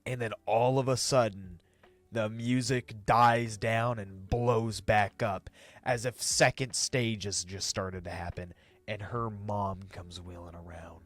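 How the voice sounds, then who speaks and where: A young man telling a casual retail story time, ranting and swearing, his voice jumping up when he gets exasperated. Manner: ranting, swings high when exasperated, profane.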